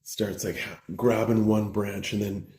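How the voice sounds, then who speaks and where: A preacher telling a parable in a casual, slangy way, full of like and bro. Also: male voice, on the low side, flat delivery, unhurried, darkish tone. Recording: roomy echo.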